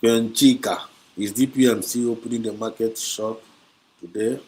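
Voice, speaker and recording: A man's voice: lowish voice, steady tone, normal speed, a little mellow. A man with a Nigerian accent hosting a heated livestream, combative and repetitive, switching between English, Pidgin and Igbo. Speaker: livestream host. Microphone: streaming setup.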